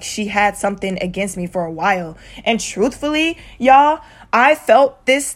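Young woman vlogger, higher voice, exasperated storytime rant, swears a lot. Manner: heavy cursing, animated and exasperated.

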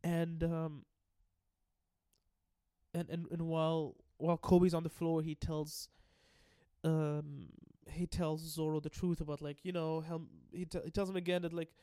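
Excitable high-voiced man recapping anime. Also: unhurried, clean tone, dry recording, clean studio sound. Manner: excitable, profane, laughs often; rambling with many restarts and fillers. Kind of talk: casual anime episode recap.

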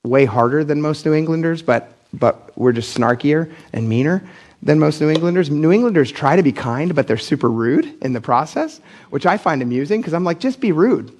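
A middle-aged pastor from Pennsylvania delivers a sermon with a slightly high, husky voice. His talk is casual and blunt, and he acts out the people he quotes with leaps upward in his voice. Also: animated, brisk, a little mellow. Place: church.

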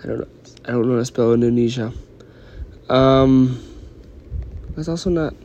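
A young man with a cold rambles through his podcast, yawning between thoughts. His voice sits low and mellow, with a steady, middle pitch. He hedges, apologizes and fills pauses with ums as he goes. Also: highs cut off. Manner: meandering, apologetic, lots of ums. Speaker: vlogger and podcaster. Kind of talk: casual rambling chat.

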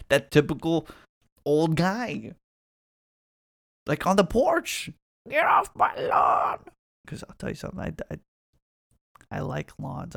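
Young man, 20s, rambling solo chat, profane, heavy vocal fry, dry close sound. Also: fairly high pitch, no echo. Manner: rambling, profane, restarts often. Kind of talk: casual solo rant.

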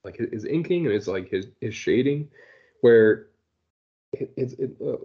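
A man co-hosting a casual podcast chat, talking haltingly with many "like"s and restarts. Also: medium pitch, animated, lo-fi sound. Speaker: podcast co-host.

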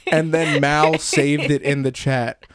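A man's voice: on the high side, slow, dry recording, studio quality. Joking young man on a podcast. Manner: joking, crude, animated retelling. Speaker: podcast co-host. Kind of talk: casual chat.

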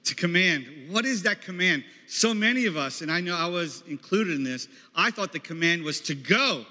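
Man, campus minister, conversational sermon, bright tone, echoey hall. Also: sits high, expressive, normal speed. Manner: conversational, calls on audience members.

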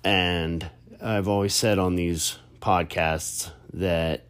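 A man's voice: low-pitched, fairly even intonation, slow pace, clear, resonant tone, faint music behind. A young adult man and content creator, talking in a casual, chatty monologue full of restarts and fillers.

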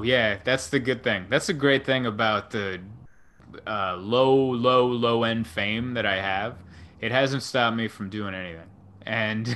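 A man's voice: medium pitch, fairly bright tone. A man who is a stand-up comedian, chatting as a podcast guest in an offhand, joking way. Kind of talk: casual podcast chat.

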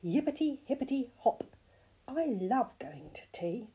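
A grandmother voicing an excitable female rabbit in a storybook reading, squeaky and gleeful. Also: unhurried, slightly rough, exaggerated voice.

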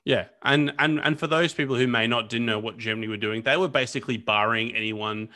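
Male podcast co-host, bright tone, mid pitch, casual and rambling. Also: brisk. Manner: chatty, lots of fillers and restarts. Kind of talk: casual history podcast chat.

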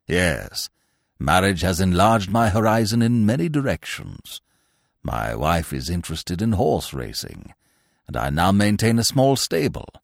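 Male narrator playing a stiff, self-important old lord, low and slow, over 60, dry booth sound. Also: very animated, gravelly, no echo, full character voice. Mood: pompous. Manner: slow, ponderous, deep and measured. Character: pompous elderly male peer, stiff and formal.

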